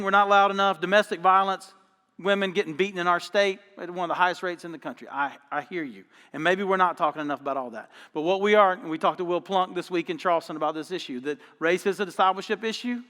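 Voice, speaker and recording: Guy preaching, high voice, folksy and punchy, lots of hall echo. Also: pushed and bright. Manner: conversational storytelling, emphatic, folksy phrasing. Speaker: pastor. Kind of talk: sermon. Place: church auditorium.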